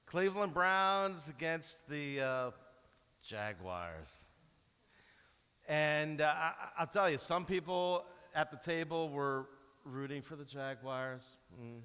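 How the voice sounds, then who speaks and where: Bright-voiced pastor in a reverberant church. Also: male voice, on the high side, slow pace, clear, resonant tone. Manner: animated storytelling, acts out cheering and groaning. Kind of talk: sermon. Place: large church hall.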